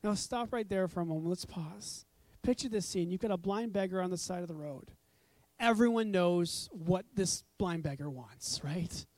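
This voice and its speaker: A woman's voice: on the low side, moderate pace, a little mellow, no room sound. A woman preaching a conversational sermon, telling stories with animation and acting out voices. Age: adult parent.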